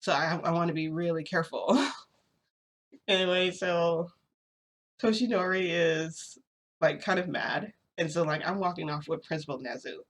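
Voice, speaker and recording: A woman's voice: lowish voice, moderate pace. Woman vlogger, chatty rambling storyteller, casual and unscripted. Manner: chatty, rambling, many fillers.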